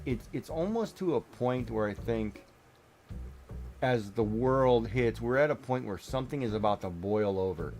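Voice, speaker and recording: A middle-aged man with a fairly low voice talks casually while he streams a game. He rambles, restarts and fills his sentences as he goes. Faint music plays behind him. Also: darkish tone. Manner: rambling, many restarts and fillers. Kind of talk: casual chat while gaming.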